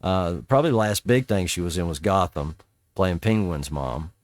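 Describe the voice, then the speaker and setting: A middle-aged man talks through a show in loose, rambling podcast chat, cursing casually as he goes. His voice sits on the low side, and the sound is dry and close with no room around it. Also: normal speed, dry recording. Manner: rambling, swears casually, quotes scenes in voices. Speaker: podcast host.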